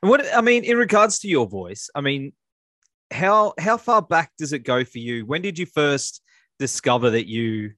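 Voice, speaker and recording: A man's voice: on the high side, big pitch swings, moderate pace, a bit bright, no echo. Enthusiastic male interviewer, dry sound. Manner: enthusiastic, leans on "you know" and "man". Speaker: interview host. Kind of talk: casual interview chat.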